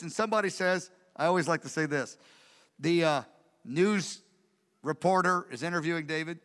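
A man preaching a sermon in a church, passionate and animated, acting out the voices he quotes. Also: fairly high pitch, moderate pace. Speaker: pastor. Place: large church hall. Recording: reverberant church hall with music. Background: guitar worship music.

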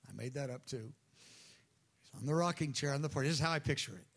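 A man preaching a sermon, telling a parable in a lively, animated storytelling way and briefly acting out the people in it. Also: mid-range voice, fast talker, slightly rough. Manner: animated storytelling, acts out characters' voices.

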